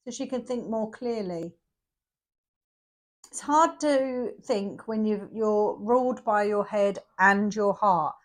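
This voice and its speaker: A woman's voice: medium pitch, takes it slowly. A middle-aged woman giving a casual tarot reading, chatty and emphatic, repeating herself for effect. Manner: chatty, emphatic and repetitive, with bursts of energy. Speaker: tarot reader.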